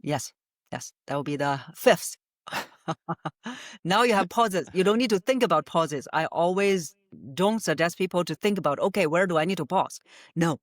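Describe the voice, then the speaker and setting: A woman's voice: lowish voice, expressive, a little slow, no echo, studio quality. A woman voice coach answering podcast interview questions methodically, laying out her points by number with frequent "uh" fillers and easy laughter. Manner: laughs easily. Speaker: voice coach guest.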